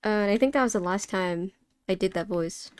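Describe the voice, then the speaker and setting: A woman's voice: mid-range voice, a little fast, darkish tone, smooth, dry recording. A young woman casually chatting while drawing live, laughing and swearing offhandedly as she answers chat. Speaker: art streamer.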